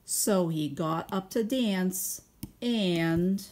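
With a voice on the low side and an extremely slow delivery, a woman teacher reads a picture book to young children at home by video. She stops now and then for gentle guiding questions and patient explanations of her thinking.

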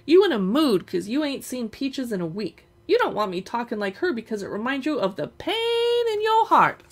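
A woman's voice: high-pitched, sing-song, normal speed, pitched above the performer's own voice. A woman doing a cheeky little girl's teasing voice. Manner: singsong, teasing. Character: cheeky little girl, teasing younger sister.

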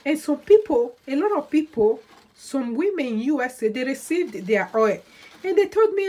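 A woman's voice: sits high, sing-song, a little slow, warm tone. A woman from Nigeria, talking in a casual vlog monologue as a hair oil seller, emphatic and repetitive. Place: indoors, lives in Sweden.

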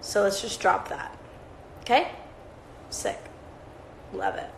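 A woman's voice: medium pitch, wildly swooping pitch, takes it slowly, gravelly, a little hiss or hum. A woman hosting a livestream, chatting in a rambling, profane, casual way. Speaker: livestream host. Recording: roomy echoey sound.

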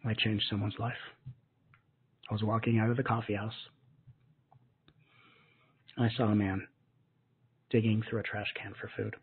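Soft-spoken breathy man, lo-fi audio. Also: lowish voice, level tone. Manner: soft, slow and soothing, with gentle repetitions. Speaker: spiritual teacher. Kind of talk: guided gratitude meditation. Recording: muffled lo-fi narrow-band audio.

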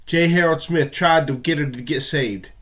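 A man hosting his video talks straight at the viewer in a confrontational, preaching way. His voice is a bit higher than usual for a man. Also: moderate pace, fairly bright tone. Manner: confrontational, addresses viewer directly. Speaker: video host. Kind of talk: preaching commentary.

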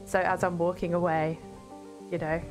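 A woman's voice: lowish voice, flat delivery, moderate pace, faint music behind. A young woman chatting casually to her viewers while playing a video game. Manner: chatty, talks to her chat between game moments. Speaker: streamer. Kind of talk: casual gameplay commentary.

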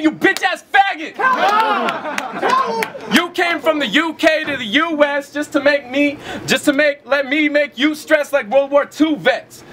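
Bright high voice guy yelling battle rap disses, faint noise behind. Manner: shouting, brash taunts. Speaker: battle rapper. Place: indoor battle rap venue.

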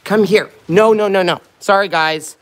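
A woman's voice: mid-range voice, moderate pace. A woman vlogger in casual chat, cooing in baby talk at puppies.

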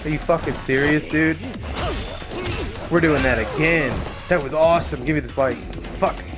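A man's voice: on the high side, moderate pace. A young man giving casual let's-play commentary over a game, swearing freely and yelping or laughing at what happens on screen. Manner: excitable, swears a lot, yelps and laughs at the game. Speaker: gameplay streamer. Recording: game music underneath.

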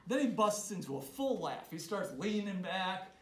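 Man telling a family story in a roomy hall. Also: high voice. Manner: animated, halting with many restarts. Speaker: storyteller at a club meeting. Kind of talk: casual spoken storytelling. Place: meeting room. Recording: roomy hall sound, faint noise.

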